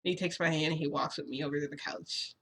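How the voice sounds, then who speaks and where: A woman's voice: sits low, fairly even intonation, quick pace, a bit bright, slight background noise. A woman vlogger telling a casual story, rambling and hesitant, with many fillers and restarts. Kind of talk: casual storytime about a shifting experience.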